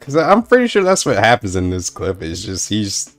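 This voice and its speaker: A man's voice: fairly low pitch, wildly swooping pitch, normal speed, faint music behind. A man chatting in the background of a game stream, making dry joking asides. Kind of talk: casual chat.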